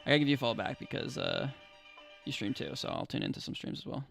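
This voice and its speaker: A man's voice: medium pitch, huge pitch swings, quick pace, vocal fry, a bit bright, soft background music. A young American man chatting casually with viewers on his live stream, laid-back and rambling, with lots of fillers and restarts. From United States. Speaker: livestreamer.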